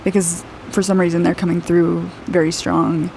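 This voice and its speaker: Chatty young woman with a gravelly edge. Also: fairly low pitch, little pitch movement, normal speed, dark tone, slight background noise. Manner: chatty and rambling, full of "like", laughs often. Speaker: aura reader and artist. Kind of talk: casual intuitive reading while drawing.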